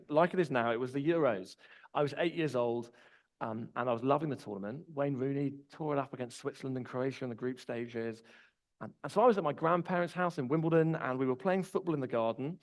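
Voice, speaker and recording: A man in his 20s preaches a conversational sermon in a medium-pitched voice, captured on a low-quality recording. His style is relaxed storytelling, woven with personal anecdotes.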